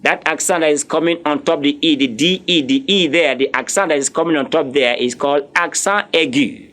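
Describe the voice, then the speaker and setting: A male French teacher, drilling vocabulary slowly and spelling words out letter by letter. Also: a little high, fairly bright tone. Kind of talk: classroom lesson, drilling vocabulary.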